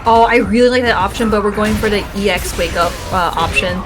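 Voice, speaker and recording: A woman co-commentating a live fighting-game tournament, upbeat and quick to laugh, thanking viewers and reading the play. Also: mid-range voice, music in the background. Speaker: esports co-commentator.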